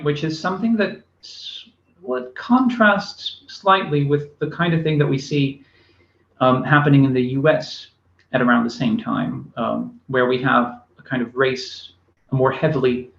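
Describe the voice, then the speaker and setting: A man's voice: medium pitch, gravelly, a bit bright. Man lecturing with frequent hesitations, echoey. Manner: hesitant, many fillers and restarts. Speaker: university lecturer. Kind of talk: recorded academic lecture. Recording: echoey room, dull lo-fi sound.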